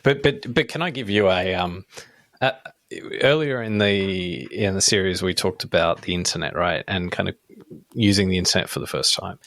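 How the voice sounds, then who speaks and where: A middle-aged man with a fairly low voice, co-hosting a casual podcast chat. He rambles through his points with lots of restarts and keeps checking in with "right?". The sound is dry and close, with no room echo. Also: normal speed, vocal fry, a bit bright. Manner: rambling, many restarts and tag questions. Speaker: podcast co-host.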